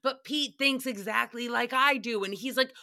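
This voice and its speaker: A woman's voice: on the high side, moderate pace, pushed and bright. A woman hosting a casual solo podcast, recapping another show in a sassy, chatty way, swearing freely and mocking the people she quotes.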